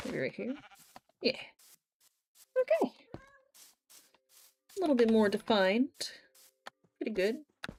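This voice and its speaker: A woman's voice: lowish voice, vocal fry, darkish tone, slight background noise. A young woman chatting casually while she plays a game on a live stream, telling stories animatedly and swearing now and then.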